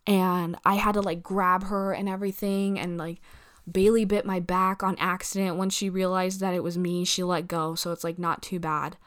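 A woman's voice: on the low side, flat delivery, moderate pace, a bit bright. Rambling young woman full of "like". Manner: rambling, peppered with "like" and swearing, acts out quoted people. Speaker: vlogger. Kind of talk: casual storytime chat.

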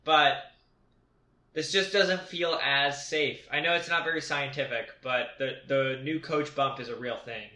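A young man chats on a podcast with a bright, forceful tone, sure of his opinions and playfully cocky. The sound is roomy, with echo off the walls. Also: mid-range voice, fairly even intonation, a little slow. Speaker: podcast host. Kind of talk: casual podcast chat.

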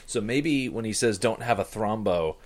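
Male podcast co-host, very low voice, thoughtful explaining manner. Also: animated, normal speed. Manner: analytical, explains things. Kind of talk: casual chat.

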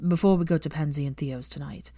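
A woman reading the part of a nervous but determined young man wizard, speaking hesitantly and quietly. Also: deep voice, fairly even intonation, fast talker, dry recording.

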